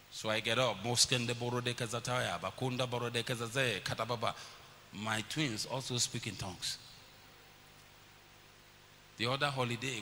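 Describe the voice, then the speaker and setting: A man's voice: mid-range voice, pushed and bright. A middle-aged man preaching a sermon as pastor, telling family stories and acting out his children's voices. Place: church hall. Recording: long church reverb, faint hiss.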